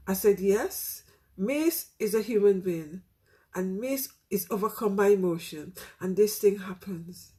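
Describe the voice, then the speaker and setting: A woman's voice: mid-range voice, normal speed. A middle-aged woman, a teacher, talking candidly and from the heart to her listeners in a casual reflective monologue, with many "you know" fillers.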